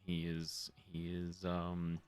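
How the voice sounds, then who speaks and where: A man running a tabletop game as game master, talking casually in halting phrases with restarts and quick laughs. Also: deep voice, completely flat delivery, clear, resonant tone, faint music behind.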